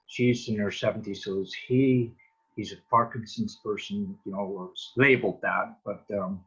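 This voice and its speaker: A man in casual chat as a wellness practitioner on a video call, speaking earnestly and slowly with pauses. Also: on the low side, steady tone, fairly bright tone, breathy edge. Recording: muffled video call audio.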